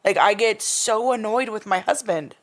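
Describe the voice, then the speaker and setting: A woman's voice: medium pitch, normal speed. A woman in her thirties talking casually as a podcast guest, hesitant and searching for words with many restarts. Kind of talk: casual recovery-group conversation.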